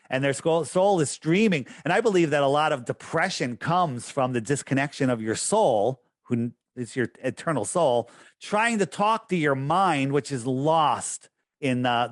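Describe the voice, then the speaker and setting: A man's voice: mid-range voice, normal speed, dry recording. A man talking as a guest on a podcast, rambling and losing his train of thought, then pressing his points in an emphatic, preachy way. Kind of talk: casual interview talk.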